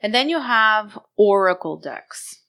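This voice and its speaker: A woman co-hosting a podcast, telling a story in casual chat, animated and mixing Spanish phrases into her English. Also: mid-range voice, takes it slowly. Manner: animated, code-switching into Spanish, laughing while telling a story. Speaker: podcast co-host.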